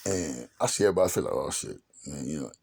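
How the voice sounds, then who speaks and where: A man's voice: rumbling low, expressive, rapid-fire, vocal fry, a little mellow, husky. A man telling a personal story in a casual, slangy and profane way, acting out what other people said. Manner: streetwise, slangy and profane, acts out others' lines.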